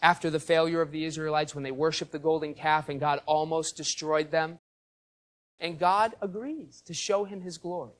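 Higher-voiced man preaching a teaching sermon. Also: steady tone, normal speed. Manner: teacherly, explains the Greek and asks the congregation questions. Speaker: pastor. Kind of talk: expository sermon.

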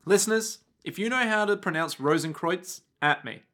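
A man's voice: high voice, moderate pace, a bit bright. A man co-hosting a podcast, recapping an anime episode in casual chat, sarcastic and swearing freely. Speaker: podcast co-host.

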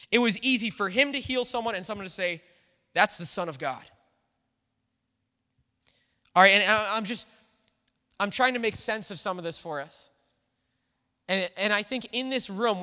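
Bright high-voiced man preaching a sermon. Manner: conversational, thinking aloud with the congregation. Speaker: pastor. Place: church sanctuary. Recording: long reverb of a church hall.

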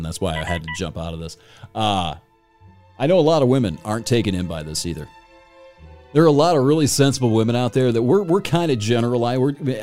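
Faint music plays behind a man hosting a podcast, his voice lowish and a little mellow. He spins stories and goes on profane, jokey rants full of crude banter.

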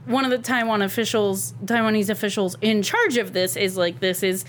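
A woman's voice: mid-range voice, fairly quick, slight background noise. Wry woman retelling a news story. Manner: wry, laughing, trailing off. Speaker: podcast co-host. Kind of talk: casual chat, reading out a news story.

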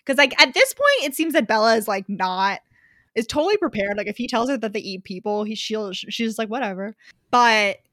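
A woman's voice: on the high side, sing-song, a little fast, a bit bright, no echo, clean studio sound. A woman co-hosting a podcast in a casual chat, swearing freely and filling her talk with "like". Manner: chatty, swears freely, many "like" fillers. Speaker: podcast co-host. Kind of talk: casual chat recapping a book.

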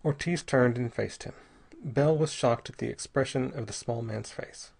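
Brief: male audiobook narrator, measured storytelling, slight husk, mid pitch. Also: vocal fry, a little mellow, breathy edge. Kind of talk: scripted narration.

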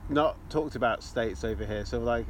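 A man's voice: mid-range voice, normal speed, a little hiss or hum. A man on a podcast, chiming in with dry, teasing quips. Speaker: podcast co-host. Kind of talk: casual chat.

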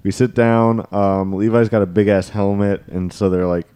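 A young man with a low, mellow, dark voice tells a story in a casual chat. He keeps it animated and laughs often between lines. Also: moderate pace, clear, resonant tone.

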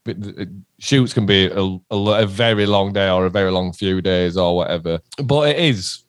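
A man's voice: low voice, normal speed, dry recording, clean studio sound. A middle-aged man, a musician chatting casually in an interview, rambling and swearing. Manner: chatty, rambling, swears, says "do you know what I mean". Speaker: musician guest.

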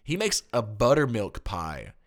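Lively-voiced man from Tennessee. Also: lowish voice, unhurried. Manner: animated, joking, reads out listener comments. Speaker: podcast co-host. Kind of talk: casual chat.

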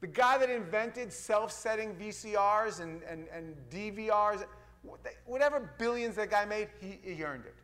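A middle-aged man, a pastor, preaching a sermon in a folksy, playful way that swings from loud to hushed. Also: high-pitched, normal speed.

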